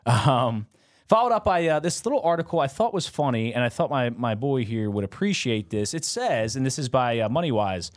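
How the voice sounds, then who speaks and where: Male podcast co-host, casual and self-deprecating, lively pitch, mid-range voice. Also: a little fast, no echo, clean studio sound. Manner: rambling, self-mocking, fillers and laughs. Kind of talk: casual chat.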